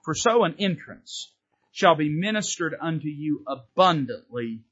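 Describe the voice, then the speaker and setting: A pastor preaching a fervent sermon from the pulpit, pushing harder on key points in a folksy style. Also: male voice, fairly high pitch, expressive, a little slow, a bit bright, breathy edge. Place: church sanctuary from the pulpit. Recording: dull, lo-fi sermon recording.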